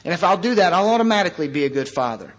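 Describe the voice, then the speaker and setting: A man in his thirties tells his personal recovery story to a meeting, his voice sitting a little high for a man. He talks in an earnest, halting way, pausing often between phrases. Now and then he slips in a wry joke at his own expense. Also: sing-song. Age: 30s. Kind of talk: personal recovery story shared before a group. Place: meeting room before a live audience.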